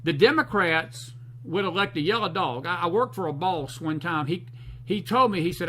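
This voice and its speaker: A man's voice: high-pitched, lively intonation, normal speed, bright, forceful tone, low-quality recording. A man hosting a talk show, delivering fired-up political commentary in a folksy, preachy, emphatic way.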